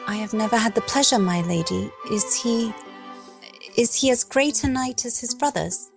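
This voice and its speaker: A woman's voice: fairly high pitch, close to an everyday voice. A woman voicing a polite young noble girl who speaks hesitantly, with music underneath. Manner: hesitant, halting.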